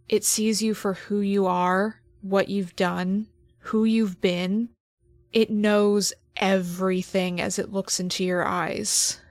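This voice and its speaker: A woman game master narrating a horror tabletop game slowly and dramatically, often dropping to near whispers for suspense. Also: medium pitch, no room sound, studio quality.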